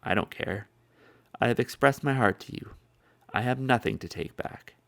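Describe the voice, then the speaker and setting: A man voicing a proud, defiant older tribal chief in a questioning way, with a gravelly voice. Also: mid-range voice, normal speed, no room sound, close to an everyday voice.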